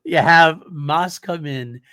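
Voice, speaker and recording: A man's voice: on the high side, slow, sharp tone, no echo. A man hosting a podcast in casual chat, enthusiastic and rambling, laughing often. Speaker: podcast host.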